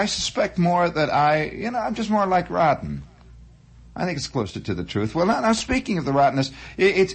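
A male radio host wanders through a rambling monologue, restarting his sentences and drifting off into asides. His voice has a husky edge and climbs and dips freely. It sits at an ordinary middle pitch. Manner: musing, digressive storytelling with many restarts.

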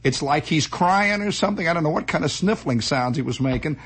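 A man's voice: a little high, lively intonation, brisk, a bit bright, breathy edge. A man telling a rambling, wry, self-mocking comic story as a monologue.

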